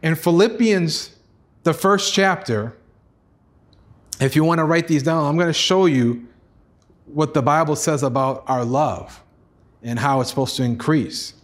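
A man preaching a sermon as pastor, earnest, acting out voices with sudden rises in pitch. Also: unhurried, pauses often. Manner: earnest preaching, acts out God's pleading voice, rises high for excited lines.

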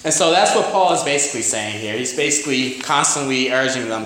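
Casting: a New York pastor with a mid-pitched voice, preaching casually in a church with a lot of echo. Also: male voice, fairly quick, pushed and bright, a little hiss or hum. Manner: conversational, with frequent "you know" and "amen?". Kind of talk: sermon. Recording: very echoey church hall.

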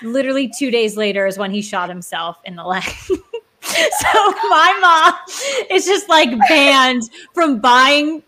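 A woman's voice: sits high, expressive, a little slow, pushed and bright, a little hiss or hum. A woman co-hosting a casual podcast, chatty and upbeat, laughing often. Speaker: podcast co-host.

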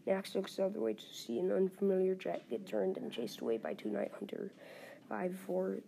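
A woman reading a war adventure story aloud, halting and correcting herself as she goes. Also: medium pitch, sing-song, vocal fry, dark tone, slight background noise. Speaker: story reader.

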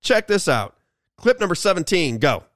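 A man's voice: sits high, sing-song, normal speed, a bit bright, no echo, studio quality. A man hosting a political talk radio show, delivering an emphatic, repetitive monologue.

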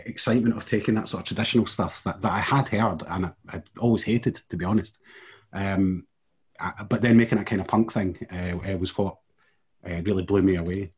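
A man, from the west of Scotland, chatting as a podcast guest, hesitant and halting with frequent laughs. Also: fairly low pitch, steady tone, slightly rough. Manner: hesitant, many fillers and restarts, laughs easily. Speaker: guest curator. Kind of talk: casual chat.

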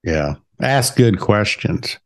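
A middle-aged man swapping sales stories in a relaxed chat. He talks with lively ups and downs in his voice. He slips in and out of the people in his stories. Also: on the low side, slow pace. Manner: animated, acts out both sides of his stories. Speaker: podcast co-host. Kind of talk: casual storytelling chat.

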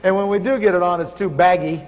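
High-voiced male preacher in a reverberant hall. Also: fast talker. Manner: storytelling, animated, acts out dialogue with God. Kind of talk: sermon.

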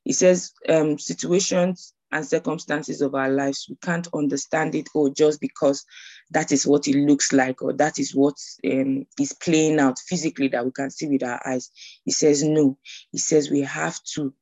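A woman pastor on a video call thoughtfully reflecting on a sermon, measured and using fillers. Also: deep voice, steady tone, darkish tone. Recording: dull lo-fi video call audio.

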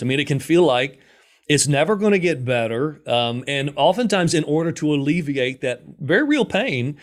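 A man's voice: mid-range voice, expressive, normal speed. A man hosting a podcast interview, answering his guest with frequent church-style affirmations. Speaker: podcast host.

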